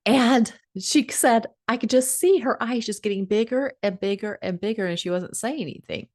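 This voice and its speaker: A woman hosting a casual advice talk, animated, laughing often and acting out little scripts. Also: fairly high pitch, normal speed, no echo, studio quality. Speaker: host giving relationship advice.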